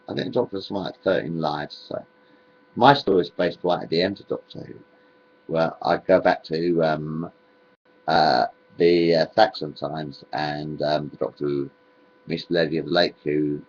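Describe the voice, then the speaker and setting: Rambling gravelly man, lo-fi. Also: a bass voice, darkish tone. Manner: meandering, repeats himself, drifts between topics. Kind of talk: rambling home video monologue.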